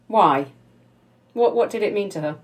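A woman's voice: medium pitch, expressive, normal speed. A woman interviewing a guest in conversation, emphatic and effusive.

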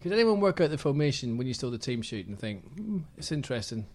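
A man's voice: mid-range voice, big pitch swings, quick pace, darkish tone. A man, a podcast regular telling rambling anecdotes in casual chat.

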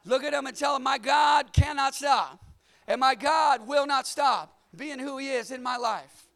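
High, gravelly, shouting preacher man. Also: a little slow. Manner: energetic, shouting at peaks, call-and-response. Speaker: pastor. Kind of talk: sermon.

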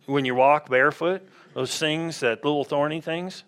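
A man's voice: a little high, normal speed, fairly bright tone, clean tone. A man preaching a conversational sermon in a church, often asking the congregation questions. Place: church sanctuary.

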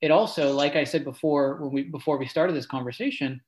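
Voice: mid-range voice, brisk, a little mellow. A podcast co-host talking through a show in casual chat, laughing easily. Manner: laughs easily, thinks aloud with restarts.

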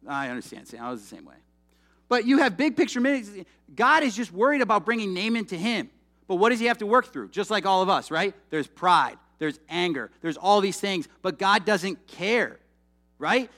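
With a high voice and a moderate pace, a young man delivers a relaxed, lively sermon that feels like conversation. He frequently breaks off for asides to the congregation.

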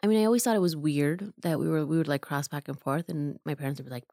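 Low-voiced woman telling her story. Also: fast talker, dark tone. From Mexico. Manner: candid, conversational, many fillers and acted-out quotes. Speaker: interviewee. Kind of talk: personal storytelling interview. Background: music.

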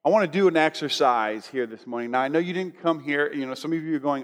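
A man's voice: on the high side, quick pace. A man preaching a conversational sermon to a church congregation, leading them in spoken declarations. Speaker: pastor. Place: church sanctuary. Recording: long hall reverb.

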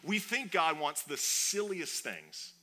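A man preaching a sermon in a conversational, animated way, with playful asides. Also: on the high side, takes it slowly. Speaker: pastor.

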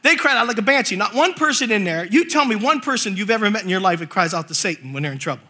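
A male preacher telling a funny story in a sermon, animated and acting out voices, laughing as he goes. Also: high voice, fast, husky.

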